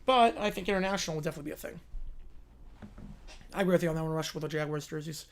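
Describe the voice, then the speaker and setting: A man hosting a live stream, calling football play-by-play and answering viewer questions between plays. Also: fairly high pitch. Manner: rises and slows into excited calls on big plays, drops to quiet asides answering chat.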